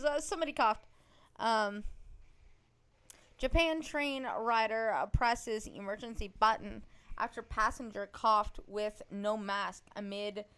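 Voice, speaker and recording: A woman hosting a casual podcast chat, blunt, sarcastic and quick to swear. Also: mid-range voice, fairly bright tone, clean tone. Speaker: podcast host.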